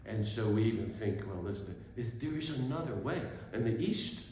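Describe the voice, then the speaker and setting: In a very echoey hall with faint room noise, a Catholic priest and author in his sixties tells a story to an audience, acting out its people and laughing frequently. His voice is fairly low, dark, and expressive, at a moderate pace.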